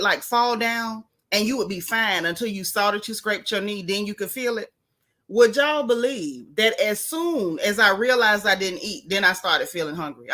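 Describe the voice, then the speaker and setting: A woman's voice: mid-range voice, bright, forceful tone. A woman hosting a casual live stream, chatting and greeting viewers by name with down-home slang.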